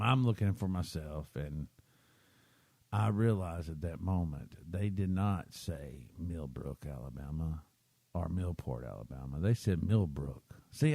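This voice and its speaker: A man's voice: deep voice, gravelly, darkish tone, dry recording, clean studio sound. A man, hosting a podcast and rambling through a self-deprecating story while checking in with his listeners. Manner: chatty, keeps checking in with listeners. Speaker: podcast host.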